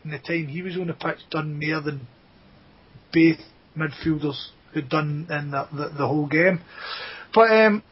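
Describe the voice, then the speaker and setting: A man's voice: fairly high pitch, slightly rough, dull audio. A Scottish man hosting a casual football podcast, chatty and drawing his co-hosts in by name. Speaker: podcast host.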